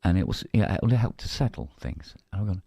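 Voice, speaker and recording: A man's voice: deep voice, lively intonation, fast talker, creaky, mellow, breathy edge, no echo. A man with a British accent, co-hosting a casual live-stream chat and telling a story by acting out both sides of a conversation. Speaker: co-host.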